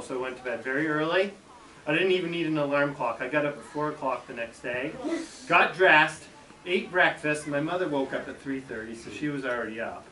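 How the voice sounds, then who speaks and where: A middle-aged school superintendent telling a story to children in a classroom, lively and acting out sounds as he goes. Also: on the high side. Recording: echoey room from far off, background noise.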